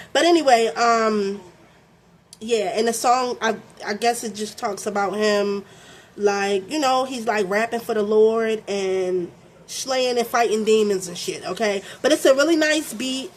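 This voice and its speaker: With a fairly high voice and slight background noise, a young adult tarot reader from Baltimore, USA, reads cards casually in a Baltimore accent. She swears freely, uses many fillers, and keeps checking in with "okay?".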